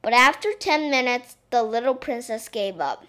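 A woman reading a children's story aloud, gentle and expressive. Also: fairly high pitch, moderate pace.

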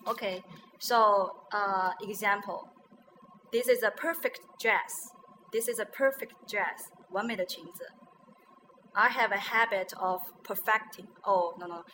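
A woman's voice: mid-range voice, measured pace, sharp tone, a little hiss or hum, rough recording. A woman with a Chinese accent, a native Chinese speaker, teaching English pronunciation and repeating words after a guest to check them. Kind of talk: bilingual pronunciation lesson.

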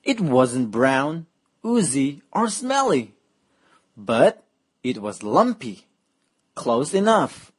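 A woman's breathy, soft-edged voice stretches each word of a children's picture book very slowly. She reads playfully and with exaggeration, her pitch swinging widely up and down to dramatize the story.

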